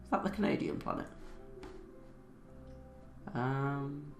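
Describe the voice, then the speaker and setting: A man's voice: medium pitch, animated, normal speed, long pauses, roomy sound, faint music behind. A young man playing a space game, thinking aloud with many fillers and reading the tutorial text aloud. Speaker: gamer.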